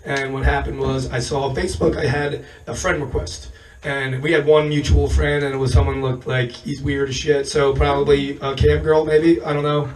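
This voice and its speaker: A hoarse man losing his voice, telling a rambling, profane stand-up story on a comedy stage and chuckling as he goes. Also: medium pitch, level tone, moderate pace, few pauses, recorded from a distance, poor audio.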